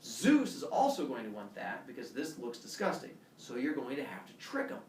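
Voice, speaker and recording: A man's voice: medium pitch, huge pitch swings, moderate pace, slight background noise. A man voicing a sly, exasperated trickster god who talks in a sarcastic, conspiratorial way. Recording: echoey room from far off.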